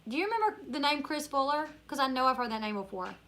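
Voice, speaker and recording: A woman's voice: high voice, very animated, quick pace, bright, forceful tone. A tired woman from Northern Louisiana with a country accent, hosting a casual live-stream Q&A, chatting and reading viewer comments aloud. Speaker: YouTuber live-stream host.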